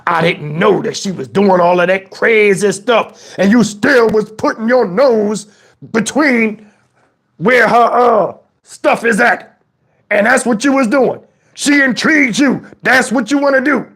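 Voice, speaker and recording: A man's voice: high-pitched, measured pace, breathy edge, heavily acted. A man playing a preachy, outraged elderly father who scolds and swears in a comedic rant. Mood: indignant. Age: older. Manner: exasperated scolding, preachy, swears, shouts at times.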